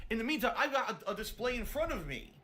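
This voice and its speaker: Man, high bright voice, animated, rambling, swears while recounting a story. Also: fast talker. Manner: rambling, profane, flustered retelling. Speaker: streamer telling a story. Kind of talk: rambling anecdote.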